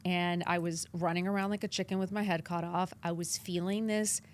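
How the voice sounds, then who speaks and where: A woman in her fifties from New York, with a New York accent, telling her story as a podcast guest, animated and acting out her past lines in quotes. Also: fairly low pitch, fairly quick, slight background noise. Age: 50s. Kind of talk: candid interview storytelling.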